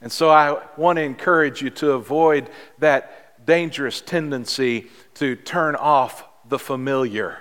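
A man preaching a sermon as pastor, in a measured, earnest way with emphatic pauses. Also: medium pitch, fairly bright tone. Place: church sanctuary. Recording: long reverb of a large hall.

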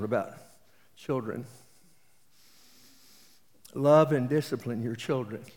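A man's voice: mid-range voice, a little mellow. A man in his late seventies with an East Texas accent, preaching a sermon and telling folksy stories with jokes. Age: 70s. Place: auditorium. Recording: reverberant auditorium.

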